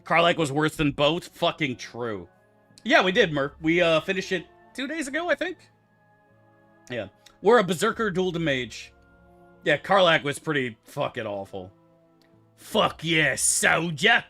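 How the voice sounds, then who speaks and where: A man streaming a game chats loosely with his viewers, answering them in rambling, profane banter. His fairly high voice is sing-song and sharp, a little slow, with faint music behind him.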